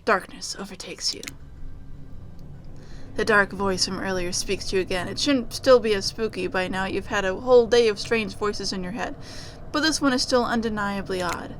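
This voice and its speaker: A woman streamer reading a dating-sim game aloud, playful and animated, with jokey asides. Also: mid-range voice, moderate pace, noisy background.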